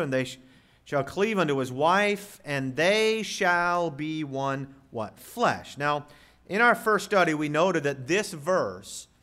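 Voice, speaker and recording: Emphatic pastor preaching. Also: male voice, on the high side, a bit bright. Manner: emphatic preaching with dramatic pauses and rhetorical questions. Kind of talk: sermon.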